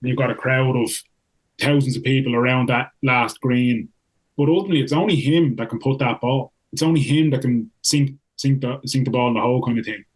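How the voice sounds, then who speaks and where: A man's voice: mid-range voice, steady tone, a little fast, breathy edge, rough recording. A man co-hosting a podcast, loose and jokey, peppering his talk with "like". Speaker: podcast co-host. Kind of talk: casual podcast chat.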